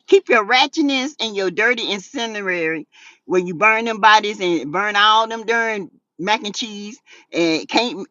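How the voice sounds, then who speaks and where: A Southern woman hosting a casual gossip show, sassy and animated, laughing often as she reads out chat messages. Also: medium pitch, no echo, muffled recording. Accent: Southern US, South Carolina. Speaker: YouTube talk show host. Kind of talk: casual gossip commentary reading live chat.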